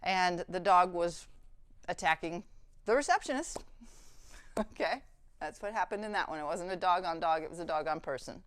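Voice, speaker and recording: A woman instructor leading a hands-on training demonstration, brisk and practical, often checking in with "okay?". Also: fairly low pitch, fairly bright tone, dry recording.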